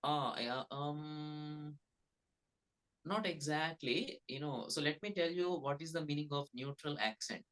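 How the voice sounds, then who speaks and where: Indian English coach, fairly high voice. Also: male voice, measured pace, fairly bright tone, poor audio. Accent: Telugu-influenced Indian English. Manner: explanatory, repeats "right?" and "okay, right?" as check-ins. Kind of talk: online class explaining to students.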